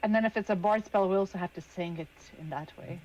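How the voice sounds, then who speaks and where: A woman playing a tabletop game, chatting in a playful, excitable way. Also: medium pitch, quick pace, muffled recording, a crowd in the background. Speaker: player. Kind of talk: casual game chat.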